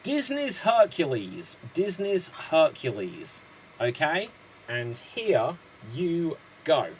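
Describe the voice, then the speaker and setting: A man's voice: on the high side, huge pitch swings, slow pace, a little hiss or hum, rough recording. Chatty male improv host. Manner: chatty, rambling. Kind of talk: hosting an online comedy show.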